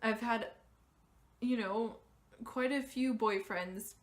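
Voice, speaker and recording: Young woman, unhurried delivery, candid personal vlog storytelling, animated when quoting others. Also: fairly high pitch. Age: young adult. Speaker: vlogger.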